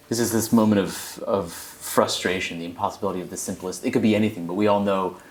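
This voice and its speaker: A man's voice: low voice, a little hiss or hum. A man in a seminar discussion, thinking aloud and restarting often as he works through a poem. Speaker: seminar participant.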